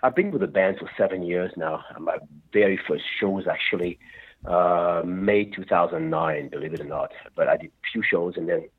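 A man, a rock singer, telling stories in a rambling, animated way during an interview. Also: low voice, moderate pace, husky. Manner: rambling, animated storytelling with restarts. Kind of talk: phone interview. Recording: tinny phone line.

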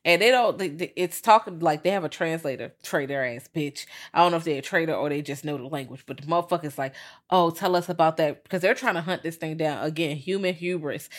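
A woman's voice: sits low, fast, hardly any pauses. A woman co-hosting a podcast, recapping a film in casual, profane slang and acting out the characters as she goes. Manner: animated storytelling, acts out characters, profane slang. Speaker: podcast co-host. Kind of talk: casual movie recap chat.

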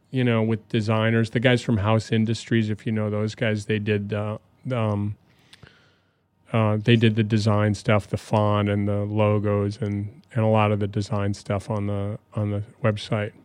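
A man's voice: lowish voice, flat delivery, normal speed, darkish tone, smooth, no echo. A man in casual chat, telling a long story with many fillers and frequent laughs. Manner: rambling, laughs often. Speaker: guest.

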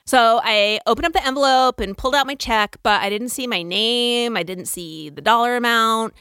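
A woman telling a personal story in a casual, animated way, acting out the dialogue and swearing freely. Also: on the high side, moderate pace, clean tone, no room sound, studio quality.

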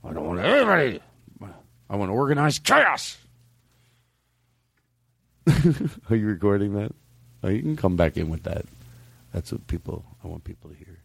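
A man hosting a comedy podcast, giggly and excitable, bantering loosely and swinging between loud outbursts and quiet asides. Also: lowish voice, moderate pace, vocal fry, pauses often, husky, dry recording.

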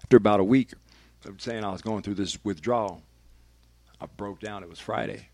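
A man's voice: fairly low pitch, normal speed, warm tone, no echo. A man, a radio personality, telling a candid and emphatic personal story as a podcast guest, swearing freely.

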